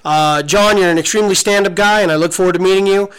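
A man in his forties co-hosting a podcast, telling a story in an excited, gushing way with many restarts. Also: high voice, fast, smooth, poor audio. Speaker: podcast co-host. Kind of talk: casual storytelling chat.

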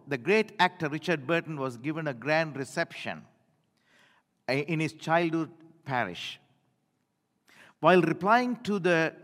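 Older male pastor, high animated voice, reverberant sanctuary, story-driven sermon. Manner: storytelling, swinging from loud to hushed. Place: church.

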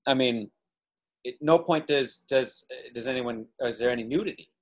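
A man on a casual film podcast, talking in a halting, musing way. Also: mid-range voice.

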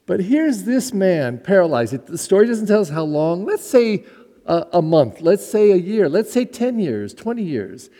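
A man gives a sermon as a pastor, telling the story with lively asides. His voice sits a little high but sounds mellow. It rings out in a hall with a long reverb. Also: normal speed.

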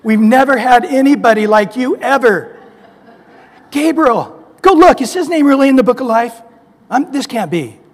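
A preacher doing a weary, forgiving God. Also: male voice, sits high, very animated, moderate pace, darkish tone, breathy edge, big-room sound, heavily acted. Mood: mock amazed. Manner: sighing, exasperated but kindly. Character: God, a patient, weary, forgiving male deity.

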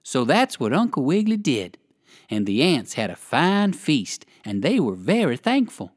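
An expressive narrator reading a children's story aloud. The pitch swings very widely, and the voice is close and dry. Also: normal speed, no echo. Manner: expressive, sing-song.

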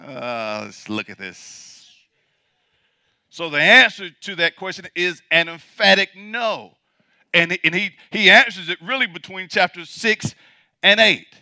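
A man preaches a sermon in a high, very bright voice. He drives his points home with emphatic repetition and shifts between loud declarations and hushed asides. The sound is close and dry. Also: no room sound. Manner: emphatic, repeats points for the congregation. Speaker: pastor.

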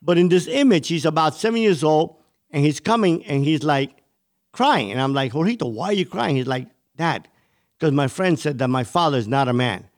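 Cuban-born guy telling his story in an interview, kinda high voice, real intense. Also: expressive, normal speed. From Cuba. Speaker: interview guest.

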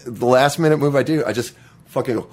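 A man telling a childhood story in a casual chat, halting and restarting often and swearing freely. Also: medium pitch. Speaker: guest.

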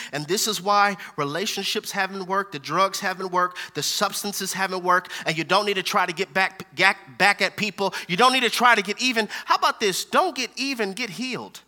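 A man preaching a sermon with emphatic repetition, calling out to his audience and swinging between loud declarations and hushed lines. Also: sits high. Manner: calls out to the audience.

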